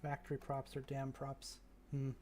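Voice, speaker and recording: A man's voice: mid-range voice, completely flat delivery, moderate pace, darkish tone, a little hiss or hum. A man thinking aloud in a casual, rambling way as he builds a game map, often trailing off. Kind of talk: casual commentary while working.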